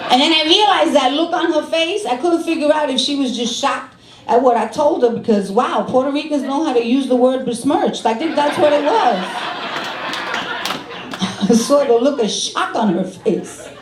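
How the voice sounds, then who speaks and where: A woman's voice: sits high, measured pace, background noise. A woman in her fifties from Brooklyn with a New York accent, doing a brassy, sassy stand-up set in a comedy club. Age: 50s. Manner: brassy, animated, sassy street-talk delivery. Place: comedy club stage with a live audience. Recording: echoey club room with crowd laughter.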